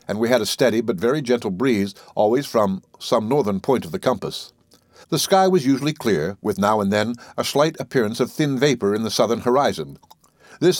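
A man giving a steady, measured scripted narration of a classic novel as an audiobook reader. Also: mid-range voice, no room sound, studio quality.

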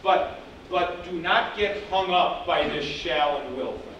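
A man's voice: on the high side, takes it slowly, a bit bright, lo-fi sound. A man teaching a class, talking in a conversational, digressive way and repeating points for emphasis. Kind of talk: classroom lecture. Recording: echoey classroom, speaker far from mic, background noise.

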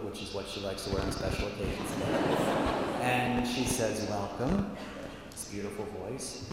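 A man's voice: medium pitch, background noise. Man telling a joke in an echoey hall. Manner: animated, slows down for punchlines. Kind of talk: storytelling a long joke to an audience. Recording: echoey hall, faint ambience.

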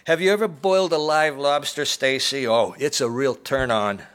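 A man voicing a crude, quick-tempered male restaurant cook, talking bluntly and coarsely. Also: lowish voice, fairly bright tone. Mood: taunting.

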